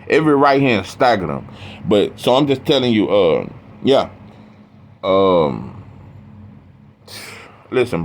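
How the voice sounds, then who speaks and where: A man's voice: lowish voice, a little hiss or hum. A middle-aged man gives a blunt, preachy, profane monologue about boxing, saying "bro" over and over. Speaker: boxing commentator. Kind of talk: casual monologue.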